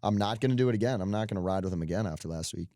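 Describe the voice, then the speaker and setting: Deep-voiced young man riffing on picks. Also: very fast, dark tone, no echo, clean studio sound. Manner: joking, rambling, laughs at himself. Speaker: podcast co-host. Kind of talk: casual sports betting chat.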